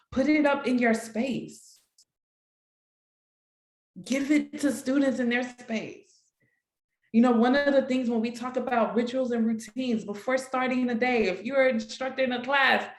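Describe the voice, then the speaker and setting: A woman's voice: medium pitch, reverberant. A woman leading an online workshop for educators, speaking in an encouraging, affirming way with many repeated phrases, heard over a video call. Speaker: workshop facilitator.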